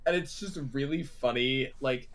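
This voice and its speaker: A young man co-hosting a laid-back movie chat podcast, with a mid-range, fairly bright voice at a moderate pace. He rambles, swears freely, and slips into silly voices.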